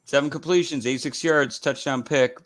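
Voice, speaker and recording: A man's voice: medium pitch, fairly even intonation, brisk, fairly bright tone, no room sound, poor audio. A man hosting a casual live stream, chatting in a rambling way with lots of fillers and restarts. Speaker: host.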